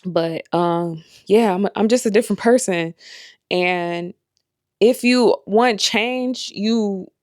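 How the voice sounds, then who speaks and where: A woman's voice: medium pitch, slow pace, a little mellow, dry recording, studio quality. A young adult woman talking candidly to her viewers in a casual vlog, rambling with lots of fillers. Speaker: vlogger and life coach.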